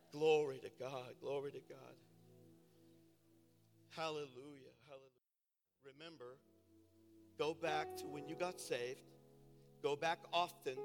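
A pastor preaching a sermon, building to impassioned, shouted declarations in a church sanctuary. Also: male voice, on the high side. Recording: reverberant church hall with piano.

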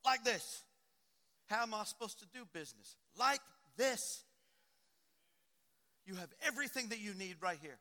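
Pastor, very high bright voice, big swings from hushed to shouting, hall reverb. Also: male voice, expressive, moderate pace. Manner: preaching with swings from soft to shouting. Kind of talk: sermon.

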